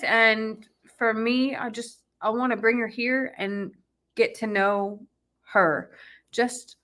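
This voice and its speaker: A woman chatting casually on a livestream, speaking in a hesitant, halting way with many fillers. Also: a little high, a bit bright.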